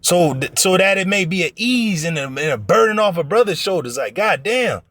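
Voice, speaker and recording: A man's voice: sits high, animated, normal speed, fairly bright tone, no echo. A man preaching informally to an online audience, blunt and profane, who acts out other people's voices in his stories. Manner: blunt, profane, emphatic exhortation. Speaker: religious teacher.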